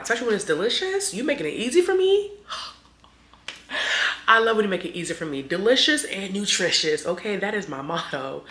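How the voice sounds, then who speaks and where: A woman's voice: on the low side, fairly bright tone, echoey room, a little hiss or hum. A young woman vlogger, chatting playfully and directly to her viewers. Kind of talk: casual sponsored vlog chat.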